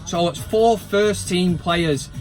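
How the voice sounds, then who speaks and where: A man's voice: high-pitched, slow pace, soft background music. A man chatting casually to camera about his football club from inside a van, full of jokey, sweary banter and mock outrage. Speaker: football fan vlogger.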